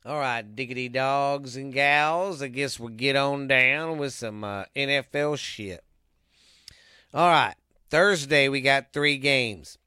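Bright, crisp-voiced man riffing sports picks. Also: medium pitch, slow, no echo, clean studio sound. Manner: loose, profane and rambling, reading off scores. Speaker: podcast host. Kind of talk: casual sports picks monologue.

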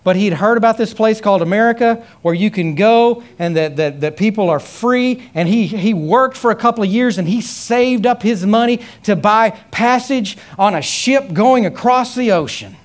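A man preaching a sermon, telling a story with many repeated phrases and rising to loud, high emphasis. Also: moderate pace, few pauses. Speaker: pastor.

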